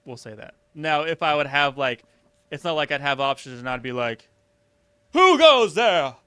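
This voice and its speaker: A man's voice: medium pitch, steady tone, fairly quick, pushed and bright, clear, resonant tone, no echo. A young man co-hosting a podcast, joking in casual chat and acting out little scenes. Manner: joking, acts out scenes in big put-on voices. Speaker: podcast co-host.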